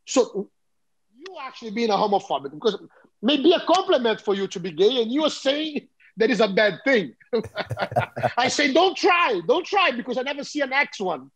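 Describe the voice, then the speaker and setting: A man in his fifties with a Brazilian accent, a guest in an interview, telling stories in an animated way and often repeating and restarting his words. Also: extremely high pitch, normal speed, breathy edge, low-quality recording. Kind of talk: casual interview storytelling.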